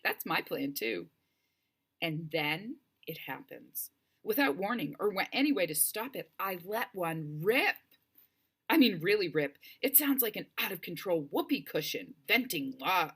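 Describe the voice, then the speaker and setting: A woman narrating a first-person audiobook with expressive, wryly humorous storytelling. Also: lowish voice, slightly rough.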